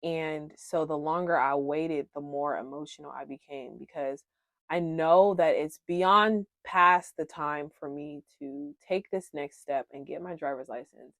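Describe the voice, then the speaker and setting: A woman in her thirties talking casually and warmly to viewers about coping skills, with frequent "um"s, calling them "y'all". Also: sits low, a little slow, dry recording, studio quality. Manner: frequent "um", addresses viewers as "y'all", laughs at herself. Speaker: wellness vlogger sharing coping skills. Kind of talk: casual heartfelt talk to viewers.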